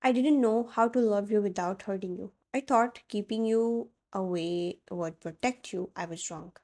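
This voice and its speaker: A woman voicing a cold young husband who is now broken and remorseful, speaking low. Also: moderate pace, dark tone, natural voice.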